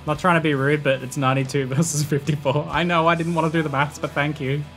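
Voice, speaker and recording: Excitable Australian man commentating a game. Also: fairly high pitch, fast, soft background music. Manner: excitable, laughs often, shouts battle orders. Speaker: gaming YouTuber. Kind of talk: let's play commentary and narration.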